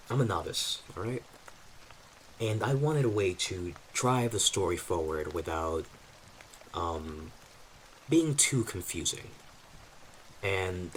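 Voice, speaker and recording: A man's voice: sits low, a little hiss or hum, low-quality recording. A man streaming as a novice dungeon master, casually recapping his campaign in a chatty, self-deprecating way and talking to his chat.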